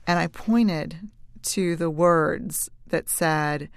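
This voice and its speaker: Low gravelly-voiced woman telling a story. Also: dry recording, clean studio sound. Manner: candid, confiding, shifts between brisk and slow hushed phrases. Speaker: researcher giving a talk. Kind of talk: personal storytelling talk.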